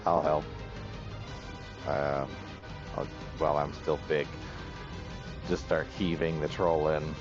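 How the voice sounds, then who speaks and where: A man playing a tabletop game, speaking in a measured, deliberate way. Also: extremely low pitch, level tone. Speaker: player. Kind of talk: tabletop role-play. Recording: dull lo-fi audio with music behind.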